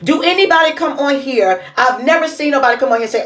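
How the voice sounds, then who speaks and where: High-voiced woman scolding in indignant commentary. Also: lively intonation, quick pace, hardly any pauses, fairly bright tone. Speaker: commentary vlogger. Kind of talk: casual reaction commentary.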